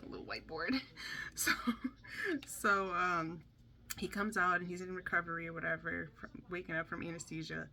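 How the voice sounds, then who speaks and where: A young woman with a lowish, gravelly voice tells a candid storytime about her son's stay in the hospital at a normal speed. She's chatty and animated, acting out the people she quotes.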